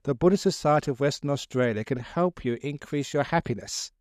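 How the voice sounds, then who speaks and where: A man's voice: a little high, a little fast, darkish tone, no room sound, clean studio sound. A man, a Buddhist monk, giving a humorous, story-filled dharma talk to a live audience, chuckling and chatting as he goes. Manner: jokey, chuckling, conversational.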